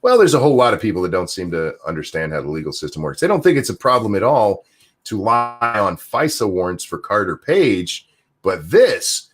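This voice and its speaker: Lively low-voiced man hosting a stream. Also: husky. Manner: reads chat aloud, rambling, swears casually. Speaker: podcast host. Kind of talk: casual livestream chat.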